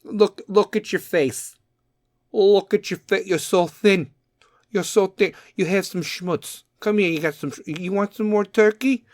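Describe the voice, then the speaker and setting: Guy putting on a nagging italian mom, higher and slow, fussing over your plate in a dry close room. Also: no echo. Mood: doting. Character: fussy Italian mother pushing food.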